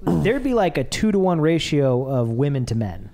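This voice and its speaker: A podcast co-host in loose, casual chat. Swears freely and gets animated when retelling a scene. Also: medium pitch, moderate pace.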